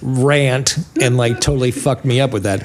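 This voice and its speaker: A man's voice: medium pitch, moderate pace. A man who rides with a motorcycle club, talking in a casual podcast chat, swearing freely and mimicking other people's voices as he rants. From California. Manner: profane, ranting, acts out other people's voices.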